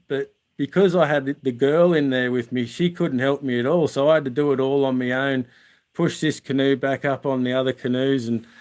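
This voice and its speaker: A man's voice: medium pitch, a little mellow. Chatty Australian man telling stories. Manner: rambling, chatty, with many restarts and "uh". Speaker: vlogger. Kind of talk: casual storytelling to viewers.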